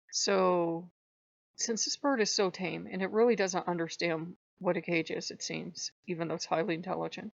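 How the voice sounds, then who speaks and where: A woman's voice: medium pitch, no echo. Woman storyteller, casual and conversational, dry close sound, slightly dull recording. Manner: conversational, addresses listener as you, many fillers and restarts.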